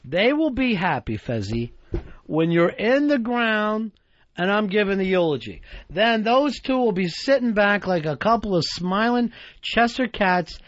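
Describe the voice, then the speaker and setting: A man's voice: sits high, very animated, unhurried, dry recording, lo-fi sound. A man co-hosting a radio talk show, blunt, profane and sarcastic in casual banter. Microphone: studio microphone.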